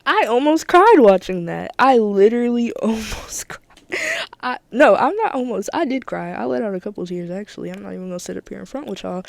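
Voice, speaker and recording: A woman's voice: medium pitch, lively intonation, fast talker, vocal fry, few pauses, no room sound. A woman hosting her own podcast, talking candidly and emphatically in a casual solo monologue, often repeating herself for emphasis. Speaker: podcast host.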